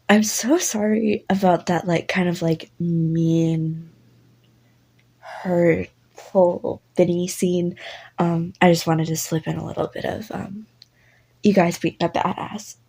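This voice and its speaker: A woman's voice: fairly low pitch, fairly even intonation, slow pace, a little mellow, breathy edge, poor audio. A woman casually narrating a listener role-play story in a rambling, apologetic way, with lots of fillers and swearing.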